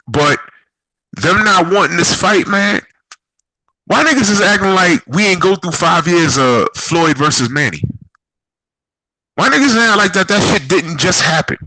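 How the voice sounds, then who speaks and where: A man's voice: on the high side, pushed and bright, dry recording, rough recording. A man giving an angry, profane, heated vlog rant. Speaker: boxing vlogger.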